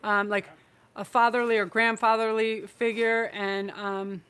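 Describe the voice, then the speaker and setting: A woman's voice: fairly high pitch, little pitch movement, unhurried, a bit bright, clean tone. A woman hosting a live-streamed tarot reading, effusive and emotional, rambling through her messages with restarts. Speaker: tarot reader and channel host.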